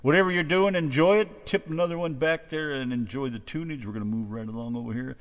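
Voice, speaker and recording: A man's voice: medium pitch, quick pace. An American man co-hosting an internet radio show on a headset, joking rowdily with listeners in the chat. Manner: jokey, animated, rowdy.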